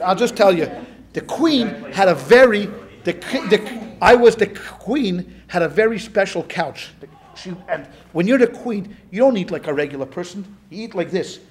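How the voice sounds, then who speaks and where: A rabbi lectures a class in an animated, joking storytelling manner. His voice sits fairly high for a man and has a husky edge. He talks straight to the room as he teaches.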